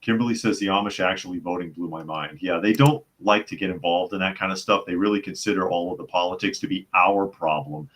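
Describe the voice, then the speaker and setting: Man, deep low voice, blunt, repeats himself, reads news and chat comments. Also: a little fast, few pauses, fairly bright tone. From US South. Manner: blunt, scornful, repeats phrases for emphasis. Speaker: host of a news commentary stream.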